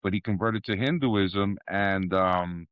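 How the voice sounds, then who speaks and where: A man's voice: deep voice, a little slow, smooth, no echo, highs cut off. A man from Puerto Rico, a podcast guest telling stories in a laid-back, profane way and laughing often. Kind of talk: casual storytelling interview.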